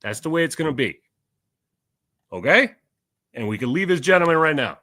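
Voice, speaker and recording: A man's voice: a little high, expressive, normal speed, pushed and bright, dry recording. A middle-aged man talking sternly in heated casual chat, lecturing and pressing for agreement. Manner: stern, lecturing, repeats "okay?".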